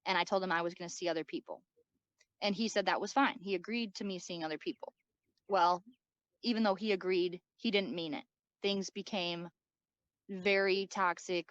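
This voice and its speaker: Woman talking haltingly on a dull, dry recording. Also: fairly low pitch, dry recording. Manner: halting, repeats words, many likes and ums. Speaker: interview guest. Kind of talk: first-person personal account.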